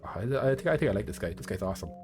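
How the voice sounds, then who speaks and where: A man's voice: lowish voice, animated, very fast, a little mellow, soft background music. A man casually commenting on a video game playthrough in an easygoing, chatty way. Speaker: let's play host.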